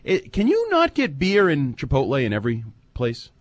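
A man co-hosting a sports talk radio show, animated, rambling and wry as he breaks down football. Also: medium pitch, moderate pace, no echo. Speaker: co-host and football analyst.

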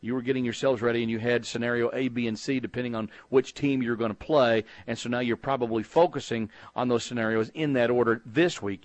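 A middle-aged man from Texas hosts a sports talk call-in show, riffing loosely and circling back over his own words. His voice sits at a moderate pitch and is recorded close and dry, with no room sound. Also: no echo. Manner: rambling, conversational, frequent restarts and fillers. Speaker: sports radio host.

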